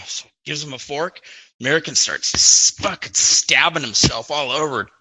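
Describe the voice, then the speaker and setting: A man's voice: fairly high pitch, unhurried, gravelly, sharp tone, a little hiss or hum, poor audio. A man casually telling jokes among friends. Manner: laughs at his own jokes. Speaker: joke teller.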